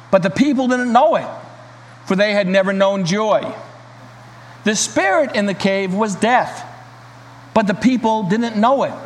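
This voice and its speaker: A man preaching a sermon and reading a story aloud, in an earnest, emphatic manner. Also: high-pitched. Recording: reverberant hall, faint hiss.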